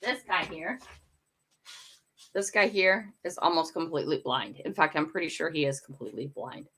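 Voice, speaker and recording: An older woman hosts a casual morning livestream from her home, rambling to viewers and breaking off to talk to her dogs. Her voice is gravelly with a fry to it, yet bright and forward. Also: low voice, normal speed. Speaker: livestream host. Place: home room.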